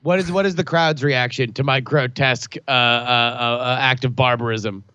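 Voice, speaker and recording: A man's voice: mid-range voice, steady tone, moderate pace, pushed and bright, clear, resonant tone, no echo, muffled recording. A man playing a tabletop game, goofy and stammering, repeating himself before getting the words out. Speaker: player. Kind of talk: tabletop role-play banter.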